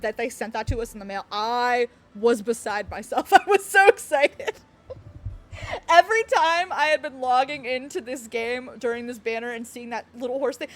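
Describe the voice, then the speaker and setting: A woman streamer chatting casually on a live stream, bubbly and giggly, rambling with lots of fillers. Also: high voice. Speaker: game streamer.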